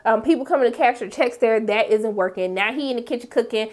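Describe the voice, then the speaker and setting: Young woman vlogger, high voice, lively recap host who swings between loud squeals and muttered asides. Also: fast talker. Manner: animated, jumping between high exclamations and low asides. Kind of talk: casual TV recap vlog.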